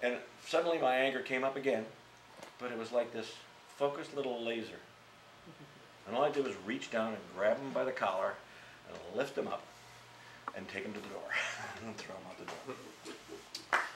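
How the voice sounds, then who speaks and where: An older man, a theater actor, telling stories in an interview in a blunt, profane, animated way. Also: mid-range voice, moderate pace, long pauses. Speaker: interviewee, Mime Troupe actor. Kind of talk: casual storytelling interview. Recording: echoey room with faint background noise.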